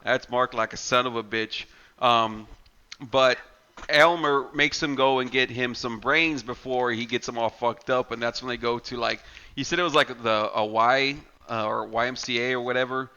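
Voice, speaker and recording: A man's voice: medium pitch, steady tone, moderate pace, pushed and bright, clear, resonant tone, dull audio. A man co-hosting a casual horror movie podcast, swearing freely and acting out scenes in silly voices. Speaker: podcast co-host.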